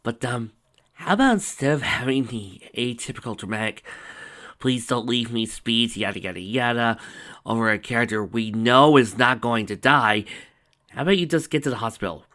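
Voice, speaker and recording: Man, casual fanfiction reading, wry rambling asides, lively pitch. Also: moderate pace. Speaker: fanfiction reader and commentator.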